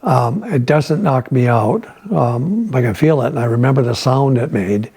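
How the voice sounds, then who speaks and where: An older man with a gravelly, husky voice tells a story from his war years in an interview. He talks in a halting way, restarting his sentences and repeating words as he works through the memory. His pitch sits in an ordinary middle range. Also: animated, darkish tone. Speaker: veteran interviewee. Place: at home.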